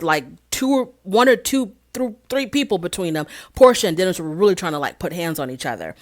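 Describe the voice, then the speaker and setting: A woman casually recapping a reality show as host, telling the story in an animated way and acting out what people said. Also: fairly low pitch. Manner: animated storytelling, acts out quotes.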